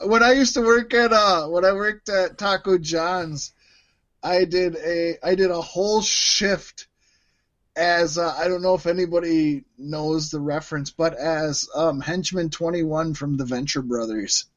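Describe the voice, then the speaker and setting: A man's voice: a little high, a little slow, a bit bright, muffled recording. A man co-hosting a wrestling podcast, chatting casually and bluntly, with frequent swearing. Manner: opinionated, swears, restarts sentences. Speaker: podcast co-host. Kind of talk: casual chat.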